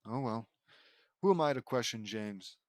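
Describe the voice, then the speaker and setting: A man's voice: mid-range voice, expressive, normal speed, dry recording. A young man reads fan fiction aloud, stopping often to mock it with sarcastic asides. His voice sits mid-range and sounds dry and close. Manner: sarcastic, riffing, stumbles and laughs at the text.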